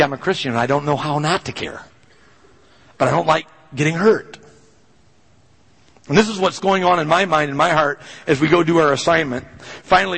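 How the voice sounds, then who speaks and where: A man's voice: fairly high pitch, gravelly, a bit bright, big-room sound, poor audio. A man pastor preaching a sermon, telling a personal story in an earnest, conversational way.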